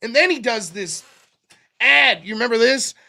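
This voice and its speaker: Animated, profane man ranting. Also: very high-pitched, normal speed, creaky. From Pennsylvania. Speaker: host of call-in show. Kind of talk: casual political rant.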